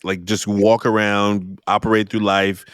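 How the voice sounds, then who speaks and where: Animated man hosting a talk podcast. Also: measured pace, clean tone, dry recording, studio quality. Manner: animated storyteller, jumps high when acting out exchanges. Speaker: podcast host. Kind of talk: conversational interview.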